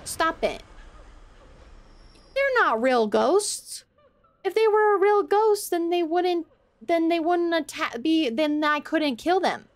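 A woman streamer talks to her chat while she plays, reacting out loud and swearing casually. Her voice sits high and bounces around a lot. She takes her time with the words, unhurried between reactions. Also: animated. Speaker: game streamer. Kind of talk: live gameplay commentary.

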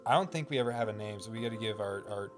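A man's voice: on the low side, very fast, music in the background. A man hosting a let's play video, joking, laughing and reading game text aloud in casual commentary.

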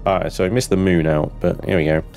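A man's voice: deep voice, steady tone, fast, vocal fry, a little mellow, faint music behind. A man giving casual gameplay commentary, chatty and laughing often as he reads game text aloud. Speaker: gamer streaming his play.

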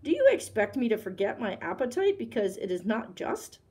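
A woman voicing a fierce, hungry male tiger in a storybook read-aloud, speaking loudly with archaic words and growling threats. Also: on the high side, very animated, brisk, slightly rough. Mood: menacing.

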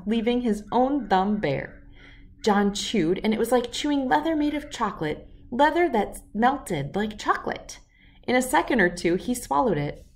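Woman, storybook reader, reading aloud, clear, expressive, mid-pitched voice. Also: distant mic. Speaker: children's book reader. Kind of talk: reading a children's chapter book aloud.

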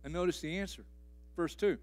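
A middle-aged man, a pastor delivering a sermon in a church, pressing key phrases again and again and swinging between loud and hushed. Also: fairly high pitch, brisk. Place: church sanctuary.

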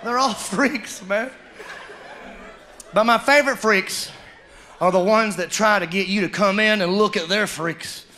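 High-voiced male stand-up comic. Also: unhurried, long pauses, a little hiss or hum. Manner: animated storytelling, bursts of shouting. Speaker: stand-up comedian. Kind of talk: stand-up comedy set. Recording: live comedy club with audience laughter.

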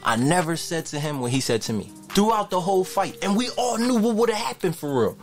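Animated man telling a story, higher voice. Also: fairly quick, soft background music. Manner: animated, emphatic storytelling with many repeats. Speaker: podcast guest. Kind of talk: casual chat.

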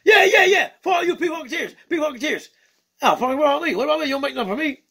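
A man voicing an excitable, boastful male bird puppet with no wings, talking in jive slang. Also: very high voice, fast talker, creaky, pitched above the performer's own voice, full character voice. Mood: whiny. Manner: hyper, shouty, boastful. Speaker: puppet sidekick.

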